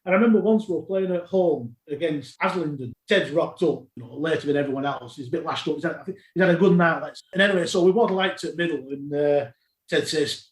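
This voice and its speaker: Lively man spinning yarns. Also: on the high side, quick pace. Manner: animated anecdotes, laughs while telling. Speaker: podcast guest. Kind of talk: casual storytelling. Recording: roomy echo.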